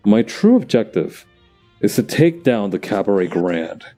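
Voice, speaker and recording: A man's voice: lowish voice, very animated, measured pace, dark tone, faint music behind. A man voicing a smug, wealthy male rival club owner in a put-on British accent, haughty and theatrical, for a fan dub of a game. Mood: gloating. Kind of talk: fan voice-over of game dialogue.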